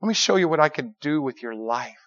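In a dull, lo-fi recording, a man delivers a brisk sermon to young people. He tells a story with lots of animation, acting out the quoted lines with sudden high shouts.

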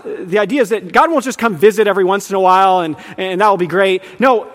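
A man with a high voice teaches a sermon in an earnest, building manner, now and then quizzing the room. His words ring out with a long reverb from a large church hall. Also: fast, hardly any pauses, fairly bright tone. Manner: earnest, rising in emphasis, quizzes the audience. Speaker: preacher teaching on Revelation.

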